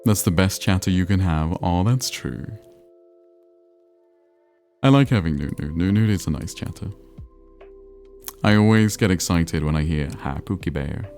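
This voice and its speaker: Low, gravelly-voiced man streaming casually. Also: a little slow, pauses often, darkish tone, faint music behind. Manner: rambling, self-deprecating, answering chat messages. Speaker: livestreamer. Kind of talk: casual livestream chat while playing a geography game.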